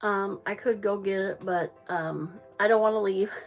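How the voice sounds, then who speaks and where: A woman's voice: mid-range voice, fairly even intonation, moderate pace, highs cut off, soft background music. A middle-aged woman chatting casually on a livestream from her small trailer, rambling with lots of ums and restarts, a little out of breath. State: slightly out of breath. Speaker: livestream crafter.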